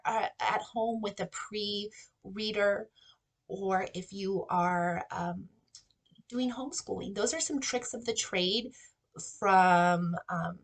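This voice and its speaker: A woman in her forties, a kindergarten teacher, giving parents practical reading tips in an animated, modeling way. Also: medium pitch. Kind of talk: instructional talk to parents.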